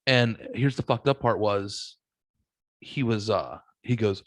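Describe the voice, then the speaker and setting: A man's voice: on the low side, slow, no echo. A man hosting a podcast, telling stories in casual chat and swearing freely. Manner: animated storytelling, swears freely. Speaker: podcast host.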